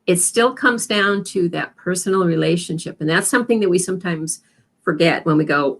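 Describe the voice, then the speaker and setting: A woman career coach giving advice as an interview guest, animated and acting out example phrases. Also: fairly low pitch, a little fast, creaky. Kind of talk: interview conversation.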